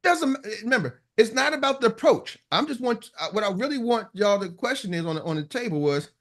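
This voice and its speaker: A man's voice: very high-pitched, big pitch swings, fairly quick, fairly bright tone. A man leading a motivational sales coaching call, talking emphatically, repeating himself and acting out what customers say.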